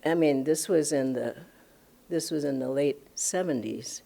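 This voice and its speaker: A woman's voice: sits low, measured pace, vocal fry, warm tone. An older woman from Los Angeles, a spiritual director telling her story enthusiastically and laughing often. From Los Angeles, USA. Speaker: spiritual director giving a satsang talk. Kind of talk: personal storytelling talk.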